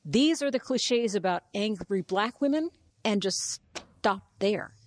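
A woman's voice: medium pitch, lively intonation, slow, no room sound, studio quality. A woman interviewer who listens attentively and affirms often, asking reflective questions. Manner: attentive, affirming, frequent mm-hmms.

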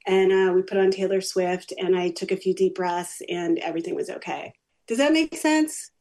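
Middle-aged woman coach telling stories on a talk show, animated and expressive. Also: on the low side, normal speed. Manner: animated storyteller who acts out quotes. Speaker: parent coach, guest. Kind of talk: interview guest telling a personal story.

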